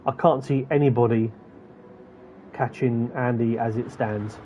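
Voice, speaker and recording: A man's voice: medium pitch, fairly even intonation, measured pace, warm tone, muffled recording, slight background noise. A man giving chatty commentary on an online racing event, rattling off positions and gaps. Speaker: race commentator.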